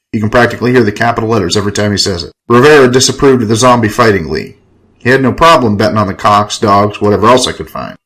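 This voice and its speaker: A man's voice: lowish voice, fairly bright tone, low-quality recording. A man narrating a gritty first-person story in a wry, profane, hard-boiled tone.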